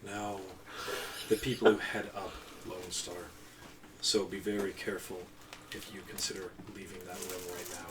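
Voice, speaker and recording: A man doing a quiet menacing fixer. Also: flat delivery, noisy background, close to an everyday voice. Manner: low, quiet, measured warnings. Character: guarded male fixer, cool and menacing.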